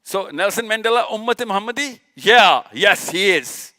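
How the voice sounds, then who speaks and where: A man's voice: high voice, lively intonation, moderate pace, bright, forceful tone. A man from Pakistan, giving an impassioned religious lecture to a live audience, firing off rhetorical questions and repeating his points for emphasis. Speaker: speaker at a live session.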